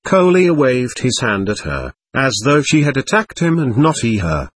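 A man narrating a classic novel in a measured, expressive reading. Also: medium pitch, breathy edge, no echo. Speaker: audiobook narrator.

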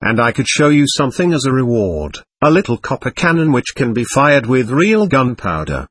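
A man's voice: mid-range voice, big pitch swings, moderate pace, fairly bright tone, breathy edge, no room sound. A man doing a solemn, boastful schoolboy. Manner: solemn, showing off.

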